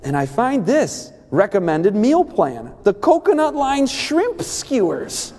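A man giving an animated sermon-style talk on the Bible and diet, with quick asides and restarts. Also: sits high. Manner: animated, rising sharply when excited, with quick asides and restarts. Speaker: preacher. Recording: long hall reverb.

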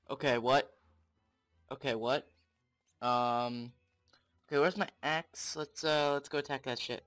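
A young man commenting on his own game play, excitable and swearing often, talking to the game. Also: mid-range voice, unhurried, pauses often, soft background music. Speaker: gamer.

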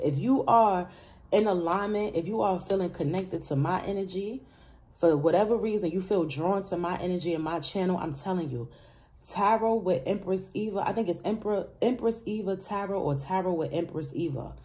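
A woman's voice: fairly low pitch, moderate pace, darkish tone. A woman doing a casual tarot reading, chatty and emphatic, who repeats her phrases, laughs between remarks and speaks straight to her viewers. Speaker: tarot reader.

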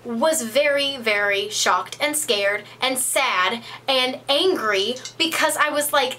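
Young woman, beauty vlogger: high, bright voice, chatty and rambling, playfully dramatic. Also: slow pace, hardly any pauses, slight background noise. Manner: chatty, rambling storyteller with lots of "like". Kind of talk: casual monthly favorites vlog.

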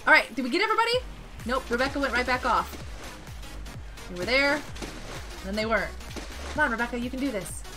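Woman gamer streaming, high bouncy voice, unhurried, game music going behind her. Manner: excitable, chatty, greets and thanks viewers. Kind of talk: casual live-stream chat while gaming.

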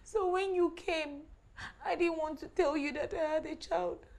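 A woman's voice: very high voice, steady tone, unhurried, a little mellow. An actress with a Nigerian English accent playing a guilt-stricken mother and wife who begs for forgiveness in tears. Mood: pleading. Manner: tearful pleading. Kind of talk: film drama acting.

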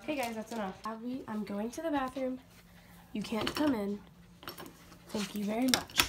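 Girl vlogging on her phone, kinda high voice, rambly and chatty, lots of um and like. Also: moderate pace, pauses often, very noisy. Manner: rambling, chatty, full of fillers. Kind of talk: casual vlog chat. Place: outdoors on a porch at night. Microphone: phone camera.

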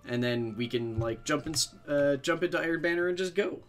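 A man's voice: a little high, brisk, soft background music. Rambling, swearing game streamer guy. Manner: rambling, self-deprecating, swears freely. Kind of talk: casual chat while livestreaming a game.

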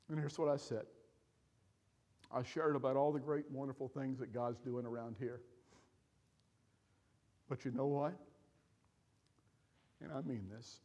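A man preaching a sermon as pastor, emotional and pleading, pushing into loud, emphatic appeals to his congregation. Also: medium pitch, long reverb tail. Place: church sanctuary.

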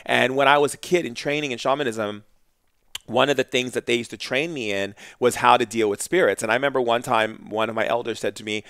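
A man telling a spiritual story as a podcast guest, intense and animated, dropping his voice soft for quotes. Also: medium pitch, fairly quick, clean tone, no echo, studio quality. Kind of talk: storytelling in conversation.

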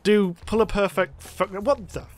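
A man's voice: high-pitched, steady tone, measured pace. A man commentating a game he is playing, swearing frantically and mocking himself. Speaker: gamer. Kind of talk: let's play commentary. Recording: faint music behind. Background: game music.

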